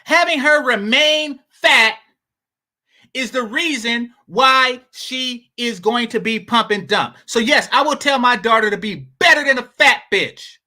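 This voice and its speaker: A man's voice: very high voice, unhurried, bright, forceful tone. A man giving blunt, mocking reaction commentary.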